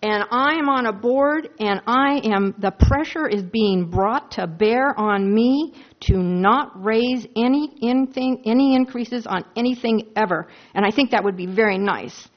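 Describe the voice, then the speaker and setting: A woman in her sixties speaking earnestly and emphatically as a board member at a public meeting, asking rhetorical questions. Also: fairly high pitch. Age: 60s. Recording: dull lo-fi meeting recording.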